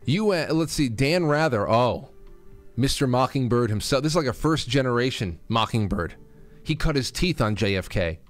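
A man's voice: medium pitch, lively intonation, normal speed, soft background music. A male host giving angry, insulting, sarcastic political commentary, ranting about news clips.

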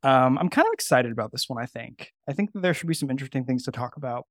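A man's voice: mid-range voice, lively intonation, quick pace, dry recording. A man co-hosting a podcast in casual chat, eager and rambling with lots of fillers. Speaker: podcast co-host.

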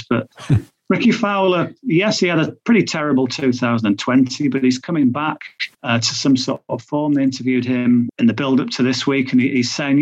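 Brief: mid-pitched male tipster, rambling and chatty, muffled lo-fi recording. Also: a little fast. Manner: chatty, thinks aloud with fillers and restarts. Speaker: betting tipster. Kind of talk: podcast chat.

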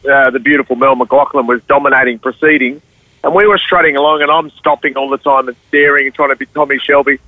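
A man's voice: mid-range voice, steady tone, quick pace, dry recording, phone-quality sound. A sports presenter joking and laughing as he chats on the radio from a car. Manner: joking, self-mocking, laughs often. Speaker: sports presenter calling in from abroad. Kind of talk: casual radio chat.

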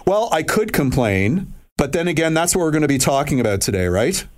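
A man's voice: fairly high pitch, very animated, fairly quick. A man hosting a talk show, interviewing a guest in casual banter with a jokey, self-mocking manner. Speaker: radio show host.

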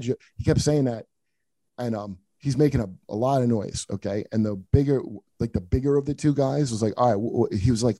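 A man's voice: medium pitch, moderate pace, dark tone, no echo. A middle-aged man, a comedian hosting a podcast, telling profane, rambling anecdotes full of restarts in casual chat.

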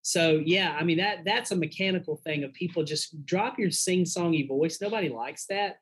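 A man's voice: on the high side, moderate pace, a bit bright, breathy edge, poor audio. A man, a pastor and guest, giving frank, earnest advice in a casual conversational way.

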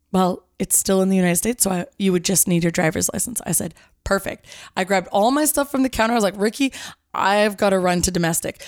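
A young woman podcast host telling a story in a casual, lively way, acting out the voices of the people she quotes. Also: medium pitch, no room sound, studio quality. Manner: lively, acts out quoted voices, says "like" often.

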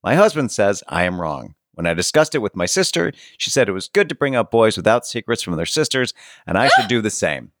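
A man co-hosting a podcast with a fairly low voice that moves up and down a lot. He reads old letters aloud and drops wry asides in a laid-back way. The recording is close and dry. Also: very animated, fairly quick, fairly bright tone, no echo. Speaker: podcast co-host. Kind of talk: casual chat and reading old letters aloud.

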